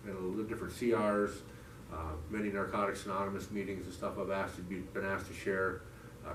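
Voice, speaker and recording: A man giving a heartfelt, rambling personal testimony to a church recovery group, full of restarts and "you know". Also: low-pitched. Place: church meeting room. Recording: echoey room, mic from a distance, faint noise.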